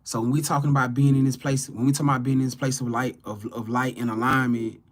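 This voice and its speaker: A man's voice: medium pitch, little pitch movement, fast. A man reading tarot cards live for his viewers, talking loosely and animatedly with slang, repetition and swearing. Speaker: tarot reader on a live stream. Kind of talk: casual spiritual talk to viewers.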